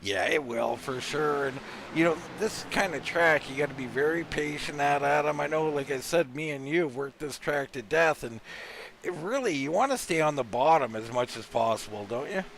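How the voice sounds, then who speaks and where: A man calling a live sim race play-by-play, energetic and rattling off driver names quickly. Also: a little high, gravelly, slight background noise. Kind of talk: live sim racing commentary.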